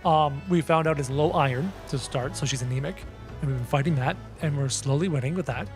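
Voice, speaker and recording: A man streaming a game and chatting casually with viewers, a projecting, energetic talker with faint game music behind. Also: on the high side, fairly quick. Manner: projects his voice, loud and energetic. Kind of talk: casual live-stream chat.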